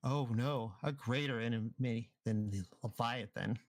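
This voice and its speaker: A man voicing an old woman fortune teller who speaks in slow, cryptic pronouncements over an online voice chat mic. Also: medium pitch, no room sound, voice pushed down, natural voice.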